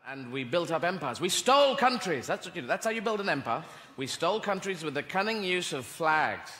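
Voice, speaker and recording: A fairly high-pitched comic moves at a fairly quick pace through a rambling stand-up set, animatedly putting on little voices for the people he quotes. It's recorded live in a large theatre, audience noise included.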